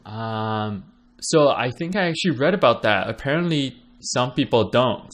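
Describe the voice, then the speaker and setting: A man's voice: medium pitch, animated, moderate pace. A man co-hosting a podcast, chatting casually with many "like" fillers and frequent laughs. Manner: laid-back, laughs often, many "like" fillers. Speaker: podcast co-host. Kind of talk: casual chat.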